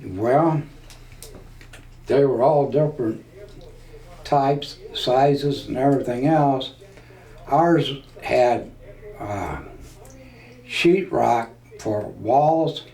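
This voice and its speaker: A man's voice: medium pitch, warm tone. A man in his seventies from Nebraska, a veteran telling stories in a folksy way for an oral history interview. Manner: slow, folksy storytelling. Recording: roomy, distant mic, faint hiss.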